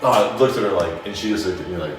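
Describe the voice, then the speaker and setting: A man's voice: low voice, fast, noisy background. A young man co-hosting a casual podcast, telling stories and acting out the voices of the people in them. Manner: animated, acts out quotes in shifting voices. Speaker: podcast co-host. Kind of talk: casual storytelling chat. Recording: echoey room, mic at a distance.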